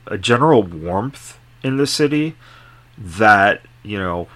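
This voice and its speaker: A man's voice: lowish voice, fairly bright tone. A man hosting a podcast interview, rambling through his questions with fillers and asides. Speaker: podcast host. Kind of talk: casual interview chat.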